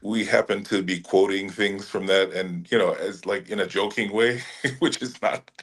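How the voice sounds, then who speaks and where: A middle-aged man from Hawaii, an actor being interviewed, talking in a relaxed way with frequent laughs and restarts. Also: sits low, normal speed. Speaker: actor guest. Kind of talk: casual interview chat.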